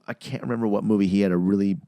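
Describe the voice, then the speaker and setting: A man's voice: on the low side, rapid-fire, creaky, no room sound. A man co-hosting a podcast in casual movie-review chat, swearing freely and sometimes slipping into mocking impressions. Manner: animated, slips into mocking impressions. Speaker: podcast co-host.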